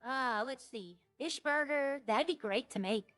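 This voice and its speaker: A woman with a high, slightly bright voice speaks a little slowly as she streams a roleplay game, chatting and rambling, often trailing off and beginning again. The recording is dry, with faint music behind her.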